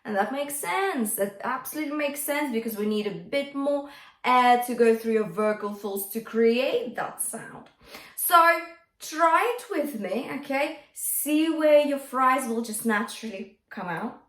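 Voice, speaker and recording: A woman's voice: on the high side, lively intonation, unhurried, a bit bright. A woman vocal coach teaching a singing lesson, often checking in with "okay?" as she explains technique. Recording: echoey room with faint music.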